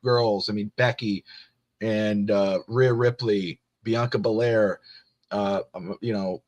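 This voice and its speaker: A man's voice: fairly low pitch, steady tone, slow pace, darkish tone. Chatty man on a wrestling podcast. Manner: rambling, with many fillers and voiced quotes of family. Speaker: podcast co-host. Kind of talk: casual wrestling podcast chat.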